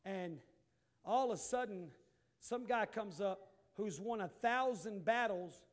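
A high-pitched man delivering a sermon. He drops to quiet, confiding asides, then rises into loud, emphatic calls. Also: slow pace. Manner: preaching with sudden shouted bursts and quiet asides. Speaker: pastor.

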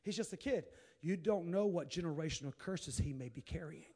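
High-voiced preacher with shouted bursts. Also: male voice, brisk. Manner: preaching with sudden shouted bursts and quiet asides. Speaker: pastor. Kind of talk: sermon.

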